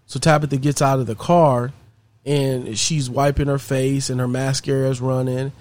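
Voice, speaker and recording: A man's voice: mid-range voice, little pitch movement, normal speed, darkish tone. A man casually telling a story, conversational and repetitive in phrasing. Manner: conversational, repeats "she's like".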